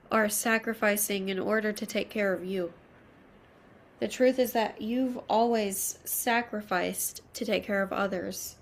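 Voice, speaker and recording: A woman giving a tarot reading to her viewers, soft and reassuring, moved almost to tears, slowing down as she names each card. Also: medium pitch. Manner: soft, emotional, reassuring, slow at card pulls. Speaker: tarot reader. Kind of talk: intimate tarot reading to camera.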